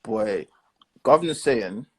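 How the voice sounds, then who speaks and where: A young man hosting a casual chat, giving blunt, animated opinions packed with slang. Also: mid-range voice, takes it slowly, slightly rough. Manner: blunt, animated, leans on slang and "do you understand".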